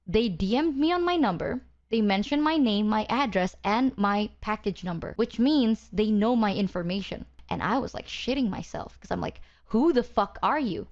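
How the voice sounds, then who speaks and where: A woman's voice: medium pitch, expressive, moderate pace, few pauses, a little mellow, highs cut off. A woman, a VTuber telling a heated, profane story to her stream chat. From Indonesia. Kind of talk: casual stream rant.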